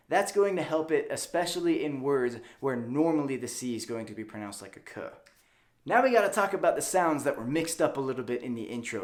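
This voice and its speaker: Young male teacher, animated pitch, playful demo-heavy delivery, casual lesson. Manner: lively, demonstrates sounds with exaggerated examples. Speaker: French teacher.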